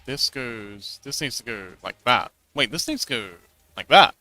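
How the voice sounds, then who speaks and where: A man's voice: medium pitch, very animated, moderate pace, sharp tone, no echo, faint music behind. A man livestreaming as an artist, chatting casually while he draws, rambling and self-deprecating, laughing often and muttering to himself as he works.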